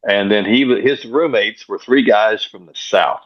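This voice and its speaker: A man, a pastor and coach, guesting on an interview show and telling stories in an energetic way, often repeating words as he goes. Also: fairly low pitch, unhurried. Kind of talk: casual interview storytelling. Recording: dull lo-fi sound.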